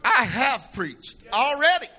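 High, bright-voiced preacher man. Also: slow pace. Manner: animated, shouts for emphasis, humorous storytelling. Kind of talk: sermon.

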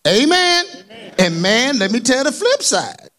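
Male preacher, high voice, very animated pitch, colloquial, calls for amens. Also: a little slow. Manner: colloquial, dropped verbs and y'all. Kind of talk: sermon.

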